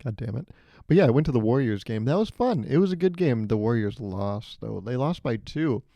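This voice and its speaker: Brisk and animated, this young man hosts his own podcast solo, spinning rambling, self-mocking comedy and laughing along at his jokes. His mid-range voice is warm with some vocal fry, and there's no echo. He uses a studio mic and hears himself in headphones.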